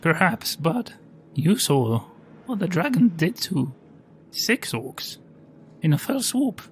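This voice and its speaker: A man's voice: a little high, big pitch swings, slow pace, a little hiss or hum. A man voicing an earnest adventurer and party leader who speaks persuasively.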